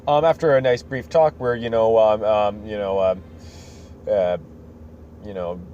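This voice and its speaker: With a warm, lowish voice, fairly even intonation and a measured pace, a man hosts a podcast and casually recaps a story. He rambles and corrects himself in asides, and the recording is slightly dull with faint background noise.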